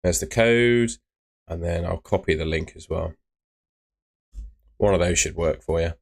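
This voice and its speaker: Streamer, deep voice, easygoing chat with lots of ums, reads out chat. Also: male voice, measured pace, gravelly. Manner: chatty, reads out viewer comments with filler words. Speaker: host of a fantasy football live stream. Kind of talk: casual live-stream chat.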